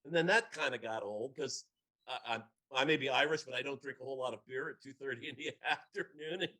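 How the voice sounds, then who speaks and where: A man's voice: medium pitch, a little fast, bright, forceful tone, poor audio. A man telling a casual anecdote in a church discussion, chatty and laughing now and then.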